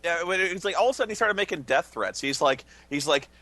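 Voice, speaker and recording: A man swapping stories in casual banter, his tone bright and pushing forward. He acts out the voices of the people he quotes. The sound is close and dry. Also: fairly high pitch, fast talker, no room sound. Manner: animated storyteller acting out quoted commentators. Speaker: stream participant. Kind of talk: casual banter among friends.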